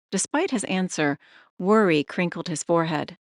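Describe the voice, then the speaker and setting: A woman reads an audiobook narration in a steady, measured way. Her voice sits on the low side, recorded close and dry with no room sound at all. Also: no echo. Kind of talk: scripted narration.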